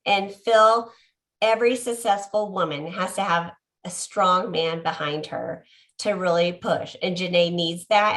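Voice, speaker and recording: A woman's voice: mid-range voice, fairly bright tone. A woman on a video call introducing a speaker, chatty and upbeat, with rambling asides. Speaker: event host introducing a speaker.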